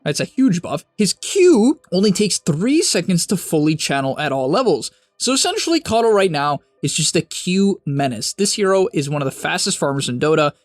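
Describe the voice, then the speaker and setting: A young man hosting a game strategy guide, talking fast and emphatically with sudden high-pitched bursts, on a close mic. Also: big pitch swings, no echo. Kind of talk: energetic strategy guide narration.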